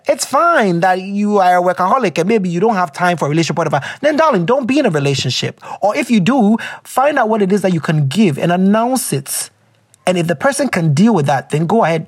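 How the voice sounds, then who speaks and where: A young Ghanaian man with a Ghanaian accent, hosting an advice show and reading listeners' letters in a playful, teasing way. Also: high voice. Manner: playful and teasing, with pet names. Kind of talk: casual advice chat.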